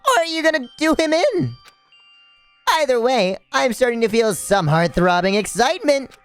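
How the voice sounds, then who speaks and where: A shrill, sing-song robot bear from a video game, gleefully teasing and menacing, put on by a man reading the story aloud. The voice sits far above his own and leans into every creepy taunt. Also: big pitch swings, moderate pace, a bit bright, clean tone, faint music behind, full character voice. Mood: leering. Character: gleeful sinister robot bear mascot, male.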